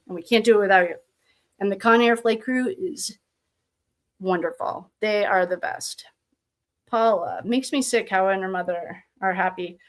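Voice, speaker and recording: Chatty woman hosting a livestream. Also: medium pitch. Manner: chatty, reads viewer comments aloud, laughs often. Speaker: livestream host. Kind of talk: casual livestream chat.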